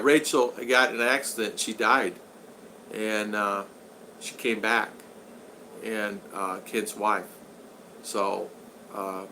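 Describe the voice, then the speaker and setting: A man hosting a casual live stream, reading viewer comments aloud with halting, repetitive phrasing and many thank-yous. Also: mid-range voice, bright, forceful tone, a little hiss or hum.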